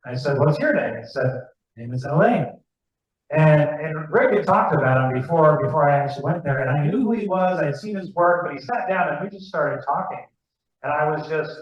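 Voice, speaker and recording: A man giving a rambling, chatty talk to a club audience, asking the room questions as he goes. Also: on the high side. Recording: far-off, echoey, muffled room recording.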